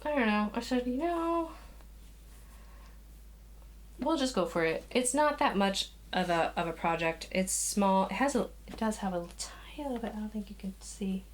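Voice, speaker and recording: Speaking with lively intonation at medium pitch, this knitting podcast host talks a little fast and barely pauses. She's a young woman chatting to camera in the small spare room she uses as a craft nook, slightly breathless and rambling with sighs and restarts, drifting in and out of the camera mic's frame.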